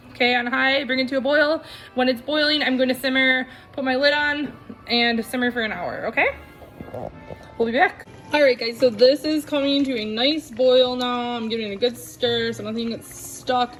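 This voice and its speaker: A woman's voice: on the high side, a bit bright. A middle-aged woman chatting casually to viewers while cooking in her home kitchen. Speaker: cooking vlogger.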